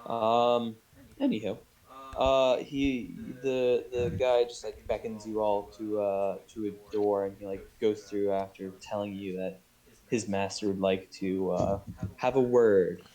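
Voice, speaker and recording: A man's voice: fairly low pitch, flat delivery, a little slow, dark tone, poor audio. A man narrating a tabletop game as game master, rambling with many fillers. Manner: rambling, full of fillers and restarts.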